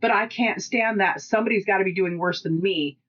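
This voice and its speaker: A woman with a Pacific Northwest American accent, co-hosting a podcast in casual chat and telling stories with lively quoted dialogue. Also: medium pitch, a little fast, lo-fi sound. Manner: chatty storytelling, animated quoted dialogue. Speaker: podcast co-host.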